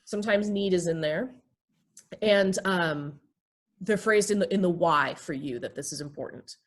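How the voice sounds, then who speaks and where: A woman therapist and pastor teaches the basics of calm communication. She acts out short everyday exchanges to show her points. Her voice sits fairly low. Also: moderate pace. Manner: explains with acted everyday examples.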